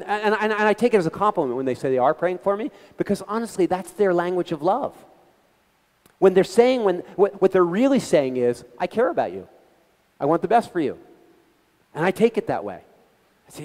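A middle-aged man giving an animated, conversational talk to a gathering, telling stories with quoted voices and frequent restarts. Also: fairly high pitch, in a large hall. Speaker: guest speaker. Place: meeting hall.

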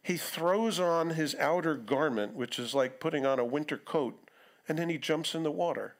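A man's voice: a little high, normal speed. Conversational man preaching a sermon. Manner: conversational, acts out quotes with voices. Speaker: pastor. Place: church.

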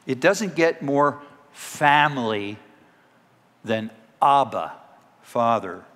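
A male pastor delivering a sermon at an unhurried pace, his voice trailing off into the long reverb of a church hall. His pitch sits in an ordinary middle range. At times he bursts into loud, dramatic cries to act out a scripture scene. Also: animated. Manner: dramatic shouted cries when acting out scripture. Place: church sanctuary.

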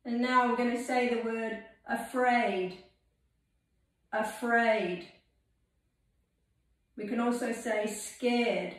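Slow, calm woman teacher in an echoey room. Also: on the high side, distant mic. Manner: calm, step-by-step instructions. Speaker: English teacher. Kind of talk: guided movement lesson. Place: library room.

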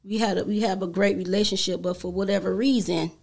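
A woman guest on a talk show, an animated storyteller who acts out the voices she quotes. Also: mid-range voice, quick pace, creaky. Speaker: guest entrepreneur. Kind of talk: casual talk show conversation.

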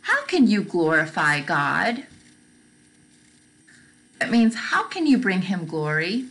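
A young woman teaching a gentle Bible lesson to toddlers, asking questions, repeating them and praising often. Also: lowish voice, huge pitch swings, takes it slowly, low-quality recording. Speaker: children's teacher.

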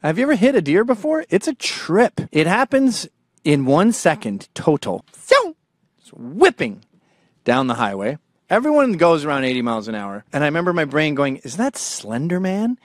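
A man in his forties hosting a show, telling profane comedic stories and jumping between low mumbling asides and sudden loud outbursts. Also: sing-song, normal speed, no echo, studio quality. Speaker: show host.

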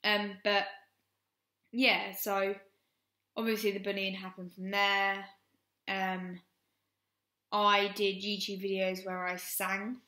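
A woman's voice: mid-range voice, level tone, slow pace, long pauses, sharp tone. A young woman, frankly telling a personal story on her vlog and rambling with many "um"s. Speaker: vlogger. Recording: roomy echo.

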